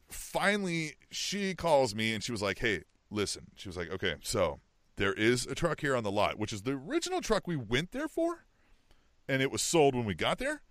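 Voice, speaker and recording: A middle-aged man spins a long story on a podcast in a lively, swooping voice. His tone is bright and forward, and he keeps checking in with his listener. The sound is dry and close, with no room around it. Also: mid-range voice, no room sound. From Kansas City area. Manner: animated, frequent "you know what I mean" and "right?". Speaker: podcast co-host. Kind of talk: casual storytelling chat.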